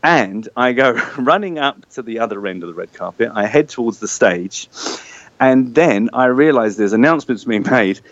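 A man's voice: medium pitch, expressive, moderate pace, dry recording, highs cut off. A man telling a self-deprecating anecdote in a casual chat, acting out the voices and cheers as he goes. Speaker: guest storyteller.

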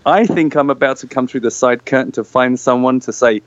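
A man's voice: mid-range voice, brisk, no room sound. A man tells a funny, self-deprecating story in casual conversation. He acts out the voices and cheers along the way. The recording is dry and a little dull. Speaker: guest storyteller. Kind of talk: casual anecdote.

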